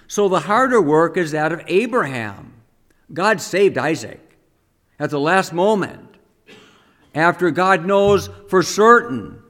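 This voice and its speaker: A man's voice: high voice, fairly bright tone. A man preaching a teaching homily in a conversational way, asking the listeners questions and acting out the quotes himself.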